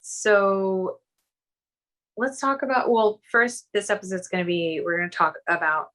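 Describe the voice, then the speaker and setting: A woman's voice: mid-range voice, fairly even intonation, unhurried, fairly bright tone, poor audio. Joking, foul-mouthed woman podcast co-host. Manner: joking, laid-back, swears freely. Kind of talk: casual chat. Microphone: studio podcast microphone.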